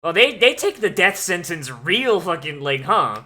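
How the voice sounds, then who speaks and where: A man's voice: sits high, sing-song, measured pace, sharp tone. A man hosting an anime watch-along, reacting with profane, incredulous outbursts and running commentary.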